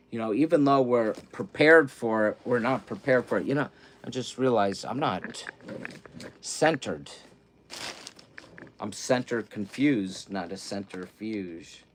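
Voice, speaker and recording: A middle-aged man hosting a casual livestream, rambling and candid, repeating words and swinging from hushed, grieving talk to loud excitement. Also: lowish voice. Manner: self-interrupting, repeats words. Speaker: livestream host.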